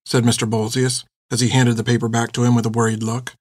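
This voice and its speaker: A man giving measured, expressive scripted narration of a storybook. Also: mid-range voice, dry recording, clean studio sound. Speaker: audiobook narrator.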